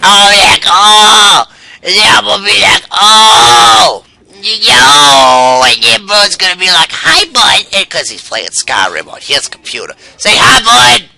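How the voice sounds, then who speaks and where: A man's voice: sits high, sing-song, takes it slowly, bright, forceful tone, raised voice, exaggerated voice, poor audio. A man putting on the voice of a giddy older male comedian who coughs, rambles, curses and scat-sings nonsense while commenting on gameplay. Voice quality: gravelly, with coughing fits. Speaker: gamer doing a voice.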